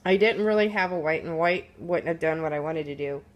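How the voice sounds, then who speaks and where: A woman's voice: sits low, brisk. A woman chatting casually through her craft project, rambling with fillers and restarts, sounding a little sleepy and recorded on a phone at home. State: sleepy, yawning. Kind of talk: casual show-and-tell walkthrough. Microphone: phone camera.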